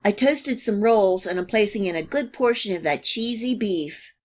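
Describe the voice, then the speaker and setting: A woman hosts a cooking channel, reading scripted voice-over recipe steps in a calm, even manner. Her voice is mid-range at a moderate pace.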